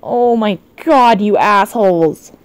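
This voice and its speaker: A woman streamer chatting live over a game, excitable and shrieking, her voice often cracking. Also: medium pitch, takes it slowly, smooth, dry recording. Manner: excitable, shrieking, swearing at chat. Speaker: virtual streamer. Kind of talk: live gaming stream chat.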